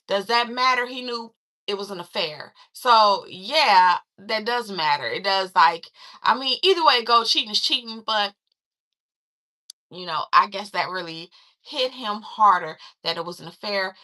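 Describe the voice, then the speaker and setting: Bright-voiced woman retelling a movie. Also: medium pitch, measured pace. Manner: chatty, animated retelling with quoted voices. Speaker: film reviewer. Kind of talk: casual movie recap.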